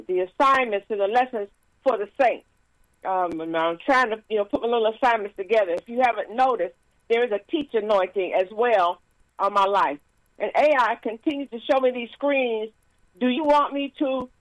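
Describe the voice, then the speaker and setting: A woman minister giving a casual sermon with stories and announcements, lively and laughing, with frequent praise interjections. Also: a little high, no echo, rough recording.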